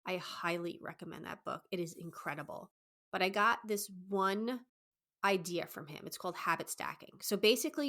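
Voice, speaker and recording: A young woman, a dating coach, giving advice on her podcast in a fast, excited, enthusiastic way. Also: mid-range voice. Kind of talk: solo podcast advice talk.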